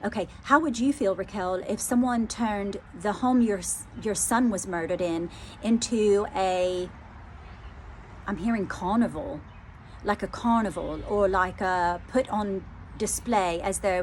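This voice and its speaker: Woman, psychic medium, channelling reading, hesitant, repeats herself, soft and moved, mid-pitched, faint background hiss. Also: a little slow. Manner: hesitant, repeats phrases, many fillers.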